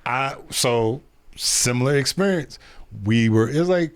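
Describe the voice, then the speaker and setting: A man chatting casually as a guest on a podcast, lively and quick to riff and joke. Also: medium pitch, smooth. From grew up partly in West Germany. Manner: animated, riffs and sings along. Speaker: guest voice actor.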